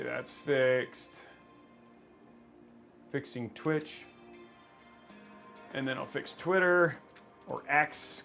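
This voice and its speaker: A man hosting a casual livestream, rambling and excitable, joking about himself. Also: high voice. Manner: excitable, rambling, self-mocking. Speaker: livestream host.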